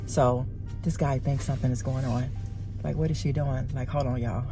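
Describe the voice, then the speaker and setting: A woman vlogging casually from inside her car at a car wash, chatty and animated as she talks straight to her viewers. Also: very deep voice, moderate pace, music in the background. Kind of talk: casual vlog chat.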